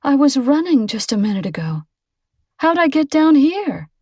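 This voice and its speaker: A woman's voice: big pitch swings, moderate pace, darkish tone, no echo, clean studio sound. Woman voicing frightened tearful teen girl. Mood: upset. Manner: high, strained and pleading.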